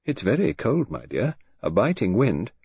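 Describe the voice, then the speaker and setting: Man reading grave gentle husband, low husky voice, mild, dry muffled recording. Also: wildly swooping pitch, normal speed, no room sound, exaggerated voice. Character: grave, gentle, dutiful middle-aged son.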